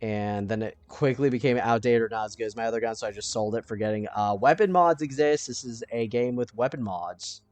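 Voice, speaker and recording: A man giving casual let's-play commentary, thinking aloud and now and then breaking into panicked yelling. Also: mid-range voice, brisk, few pauses, dry recording.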